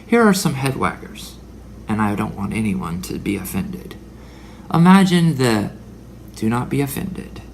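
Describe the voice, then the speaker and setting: A man's voice: lowish voice, big pitch swings, a little slow, vocal fry, a little hiss or hum. A man in his forties delivering a religious monologue, dramatic, sometimes dropping into whispered asides. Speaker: religious speaker. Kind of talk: preaching monologue.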